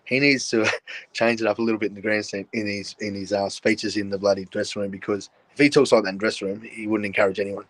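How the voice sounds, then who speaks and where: A man's voice: lowish voice, flat delivery, fast talker, no echo. Laughing Australian man telling old stories. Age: older. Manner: laughs often while telling stories, blokey and frank. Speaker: guest, former rugby league player. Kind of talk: casual storytelling chat.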